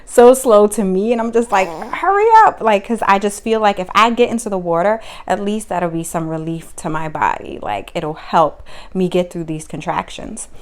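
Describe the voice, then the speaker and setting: A young woman, telling her own story to camera in casual vlog style, acting out what people said. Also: normal speed. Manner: animated, acts out quotes with sudden high pitch jumps.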